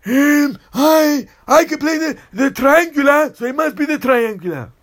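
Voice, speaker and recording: A man answers quiz questions in broken English. He hesitates and repeats himself as he searches for words. His voice sits very high, and he speaks slowly. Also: expressive, fairly bright tone. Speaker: quiz contestant.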